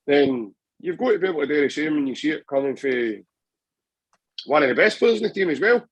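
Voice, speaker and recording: A man's voice: on the high side, expressive, brisk, husky, dry recording, rough recording. A Scottish man chatting passionately about football on a podcast, rambling with many restarts. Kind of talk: casual football chat.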